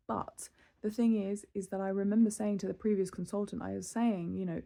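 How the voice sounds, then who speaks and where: A woman's voice: mid-range voice, brisk, vocal fry. A woman in her thirties, from the UK, venting in a casual, exasperated monologue. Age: 30s. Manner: exasperated, animated storytelling with laughs and sighs. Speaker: vlogger.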